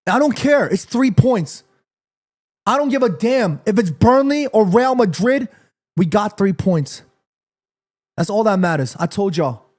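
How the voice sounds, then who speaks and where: A man with a fairly high voice, talking, reacts live to a football match for his stream. He reads viewer messages aloud and answers them, sometimes quiet and reflective, sometimes loud and profane. He sounds worked up and sweaty after the match. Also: a little slow, long pauses. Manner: animated, swings from calm to heated rants, swears, reads chat aloud. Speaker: watchalong streamer.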